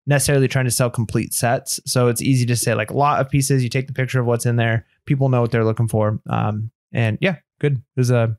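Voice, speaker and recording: A man co-hosting a casual chat podcast, speaking fast and loosely with plenty of "like" and restarts. He sounds close and dry, with no room sound. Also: medium pitch, fairly even intonation, a little mellow, no room sound. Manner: rapid, rambling, lots of fillers and restarts. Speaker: podcast co-host.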